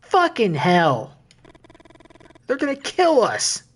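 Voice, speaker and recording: A man's voice: fairly high pitch, sing-song, slow pace, slightly rough, full character voice. A man voicing a jumpy, clumsy teenage boy in a game, panicky and whiny. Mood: panicked.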